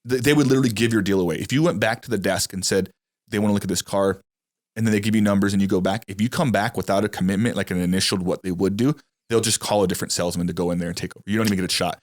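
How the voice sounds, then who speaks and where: A man on a podcast, a former car salesman, telling animated anecdotes in casual chat. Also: lowish voice, rapid-fire. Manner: animated anecdote teller, acts out customers.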